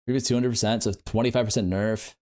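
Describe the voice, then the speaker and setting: His voice sits at medium pitch with a steady tone, a fast delivery and a slightly mellow quality. A young man streaming games, he chats casually and playfully with viewers, rambling and dropping lots of fillers.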